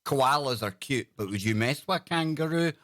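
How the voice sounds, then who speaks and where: A man's voice: medium pitch, expressive, moderate pace, fairly bright tone. A man co-hosting a casual live stream chat, laid-back and rambling. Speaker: co-host.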